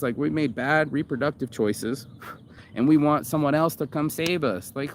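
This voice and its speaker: A man's voice: mid-range voice, fairly quick, slight background noise. A man hosting a casual monologue, reacting to a video. He rambles, swears freely and stumbles over fillers and restarts.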